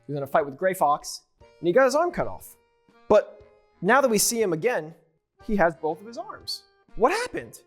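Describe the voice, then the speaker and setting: A man casually recapping video game lore, rambling and joking as he corrects himself along the way. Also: high voice. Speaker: YouTuber.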